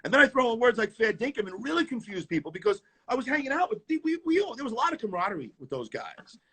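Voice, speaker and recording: A man with a New York accent, a tap dancer telling stories in a casual interview, animated and repeating words as he goes, on a video call. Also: very high voice, fast talker, slightly rough.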